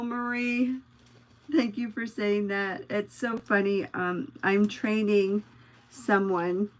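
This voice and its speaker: A woman's voice: mid-range voice, a little hiss or hum, low-quality recording. A middle-aged woman hosting a craft livestream, chatting casually and telling rambling stories to her viewers while she works. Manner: chatty, rambling storyteller, talks to viewers by name.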